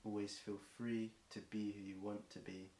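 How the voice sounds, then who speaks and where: A young English man improvising a rambling rhyming freestyle, voice getting hoarse, filling gaps with ums and self-corrections. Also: fairly low pitch, little pitch movement, moderate pace, dark tone. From England. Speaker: streamer performing a marathon song. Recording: echoey room with faint background noise.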